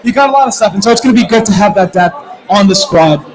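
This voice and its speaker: A man's voice: high voice, fast, a crowd in the background, rough recording. A man co-hosting a live prematch soccer show, reading out the lineup with energy and talking up the team. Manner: energetic, hypes up names and lineups. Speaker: podcast co-host reading the lineup.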